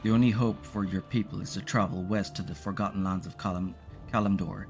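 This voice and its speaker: A man's voice: low voice, fairly even intonation, brisk, soft background music. A man reading as a grave old prophet. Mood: grave warning.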